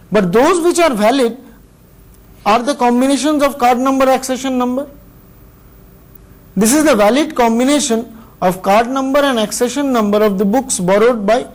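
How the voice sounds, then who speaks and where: Higher-pitched Indian-accented male lecturer. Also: rough recording. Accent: Indian English. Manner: measured, explanatory, pauses between phrases. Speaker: university lecturer. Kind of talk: recorded classroom lecture.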